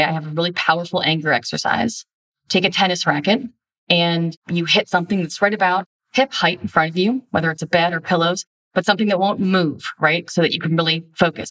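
A woman giving blunt, emphatic self-help coaching in a somewhat low voice. She sits back a bit from the microphone, so her voice sounds slightly distant. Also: a bit bright. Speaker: relationship coach. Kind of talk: instructional self-help talk.

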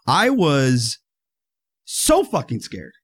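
Excitable man co-hosting a film chat. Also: drawn-out words, husky. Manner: enthusiastic, self-mocking, swears, jumps in pitch when excited. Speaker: podcast co-host. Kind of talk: casual movie review chat.

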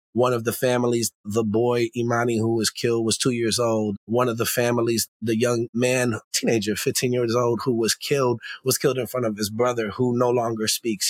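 A medium-pitched man, a podcast guest who is an emcee and educator, tells a personal story in a candid conversation. He is reflective and slangy, often checking in with "right?" There is no echo.

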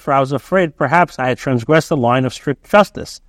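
Male rabbi, slightly high voice, dry close sound, halting read-and-translate delivery. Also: no echo. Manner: halting, with frequent restarts and fillers. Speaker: rabbi teaching Torah. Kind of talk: reading and translating text aloud.

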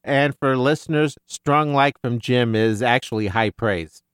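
A man hosting a casual book discussion podcast, animated and tripping over his words. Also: mid-range voice, unhurried, smooth, no echo. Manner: animated, stumbling restarts. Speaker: podcast host.

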